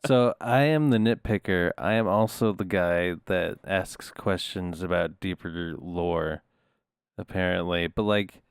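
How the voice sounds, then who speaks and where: A man's voice: sits low, a little slow, clean tone, no room sound, studio quality. A man co-hosting a casual film podcast, asking questions and making crude jokes. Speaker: podcast co-host. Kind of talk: casual chat.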